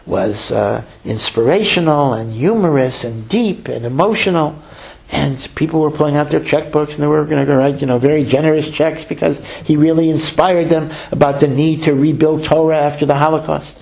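A man giving a storytelling sermon, lively, slowing to stress key lines and acting out the voices he quotes. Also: fairly high pitch, vocal fry, low-quality recording. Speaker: rabbi.

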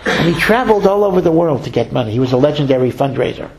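Gravelly man telling a sermon story. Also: fairly high pitch, background noise. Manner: animated storyteller, acts out quoted voices; slows to stress key lines. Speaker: rabbi.

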